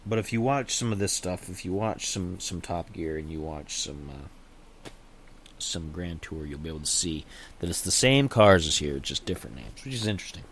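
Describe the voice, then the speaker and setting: A man, an adult with a young daughter, chats casually on his own channel, rambling and unsure, hedging a lot and restarting his sentences. His deep voice has lively intonation, a moderate pace and a fairly bright tone, with slight background noise.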